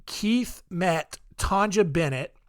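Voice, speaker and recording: A man's voice: high-pitched, lively intonation, slow pace, dry recording, studio quality. A man hosting a podcast, telling true-crime stories in a casual, jokey, rambling way with lots of "um"s and asides. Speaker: podcast host.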